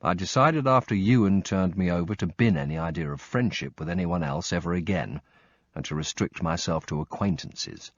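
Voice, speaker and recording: A man's voice: low voice, normal speed, no room sound. A man reading a first-person audiobook with dry, wry storytelling and blunt swearing, on slightly muffled audio. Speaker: audiobook narrator.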